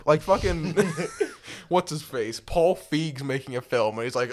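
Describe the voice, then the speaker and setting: A man's voice: fairly high pitch, expressive, unhurried. Crude, laughing man chatting. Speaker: co-host. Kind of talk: casual podcast chat.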